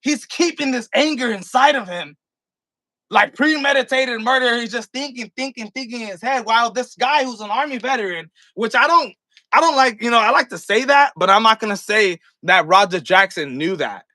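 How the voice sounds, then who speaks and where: A man's voice: very high-pitched, normal speed, sharp tone, dry recording. A man vlogging a casual, slangy commentary rant, swearing freely and talking straight to his viewers while acting out what happened. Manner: acts out scenes with props while talking.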